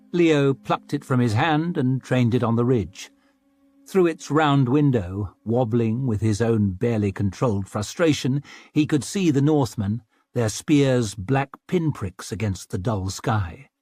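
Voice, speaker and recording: This is scripted audiobook narration from a man whose mid-range voice carries the story in a steady, measured way. There is no echo.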